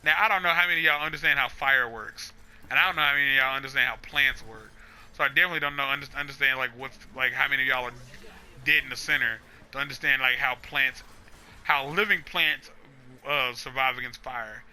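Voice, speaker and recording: A man's voice: medium pitch, fast talker, pushed and bright, a little hiss or hum. A man hosting a gaming channel, telling a rambling story full of swearing and asides while he plays. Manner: profane, rambling, many restarts and asides.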